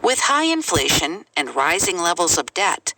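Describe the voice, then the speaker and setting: A woman reading English example sentences aloud in a clear, measured way for a language lesson. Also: lowish voice, sing-song, bright, forceful tone. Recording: noisy recording.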